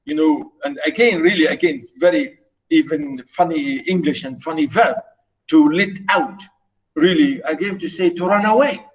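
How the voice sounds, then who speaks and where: This is a middle-aged man lecturing on a novel in an online class. His first language is Arabic, and his voice sits slightly high for a man. He stumbles through fillers and repeats words as he explains. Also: rough recording. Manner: halting, many fillers and repeats. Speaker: literature lecturer.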